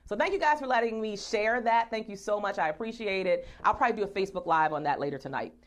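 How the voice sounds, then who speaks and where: A woman in her forties hosting a live-streamed talk show. She speaks in an animated, playful way, often laughing and talking straight to her viewers. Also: medium pitch, fast talker. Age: 40s. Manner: conversational, addressing viewers directly.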